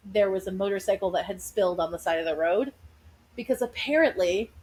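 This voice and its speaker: A woman co-hosting a podcast from her living room, telling stories in an animated, chatty way. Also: medium pitch, poor audio. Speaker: podcast co-host. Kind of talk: casual chat, storytelling.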